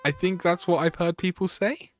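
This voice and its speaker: A man's voice: high voice, steady tone, moderate pace, soft background music. A man streaming a game, reading its text aloud and chatting with his viewers. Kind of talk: gaming livestream chat.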